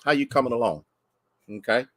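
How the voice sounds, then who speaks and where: Chatty pastor greeting viewers by name. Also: male voice, medium pitch, fairly quick, fairly bright tone, no room sound. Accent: American. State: congested from sneezing. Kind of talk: livestream greeting to online viewers.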